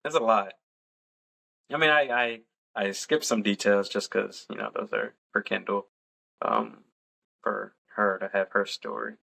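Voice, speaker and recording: A relaxed young man chats through a personal story on a podcast, laughing now and then. His voice sits low and has a gravelly edge. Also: measured pace, long pauses. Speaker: podcast co-host. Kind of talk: casual storytelling.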